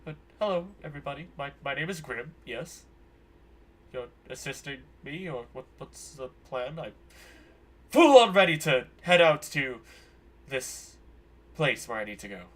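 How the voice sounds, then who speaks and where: A man voicing a timid, awestruck traveler who is half nervous, speaking in a hushed, stammering, polite way. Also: medium pitch, animated, a little slow, slight background noise.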